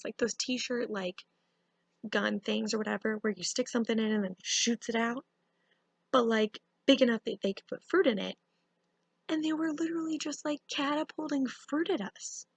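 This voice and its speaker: A young woman telling a casual storytime, animated and full of fillers. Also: on the high side, husky, dry recording. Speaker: vlogger.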